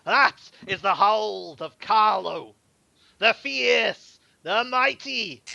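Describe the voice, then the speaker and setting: A man voicing a swaggering bandit leader who talks in loud, mocking threats. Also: sits high, expressive, creaky, no room sound, muffled recording, voice pushed up, exaggerated voice. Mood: menacing. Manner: loud, sneering, drawn-out threats.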